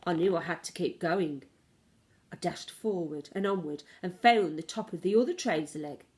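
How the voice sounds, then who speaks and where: A woman teacher reading a children's storybook aloud in an expressive way. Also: lowish voice, normal speed.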